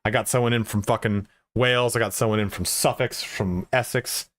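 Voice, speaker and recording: A man's voice: medium pitch, fairly even intonation, brisk, a bit bright, dry recording. A man chatting casually and profanely with viewers as a game streamer, rambling with lots of filler words.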